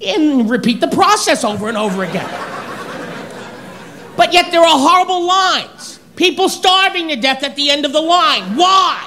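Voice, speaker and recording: A stand-up comedian doing an exasperated routine, shouting the punchlines at a live show. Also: high voice, lively intonation, moderate pace, some chatter behind, a little hiss or hum. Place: comedy stage before an audience. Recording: live show with loud audience laughter.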